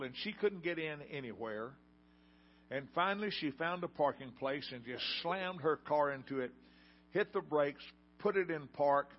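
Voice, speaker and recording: An older man preaching a sermon in a folksy storytelling way and putting questions to the congregation. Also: mid-range voice. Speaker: pastor. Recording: dull lo-fi sound.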